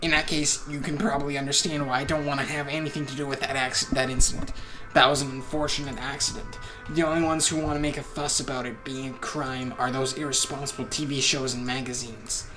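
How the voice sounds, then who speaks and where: Man doing a goblin-voiced old doctor, resentful, stiffly formal, mid-pitched. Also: little pitch movement, brisk, few pauses, music in the background, natural voice. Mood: fed up. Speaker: podcast co-host reading a game aloud.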